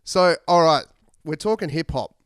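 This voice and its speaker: A podcast host telling rambling, profane stories in casual chat. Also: male voice, fairly high pitch, animated, normal speed, fairly bright tone, clear, resonant tone, no echo, clean studio sound. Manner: rambling, profane, laid-back.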